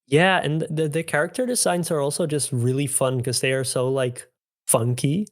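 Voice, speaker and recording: Enthusiastic podcast guest, rambly casual chatter, mid pitch, dry close mic. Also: steady tone, normal speed, no echo. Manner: rambling and enthusiastic, many fillers. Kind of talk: casual chat.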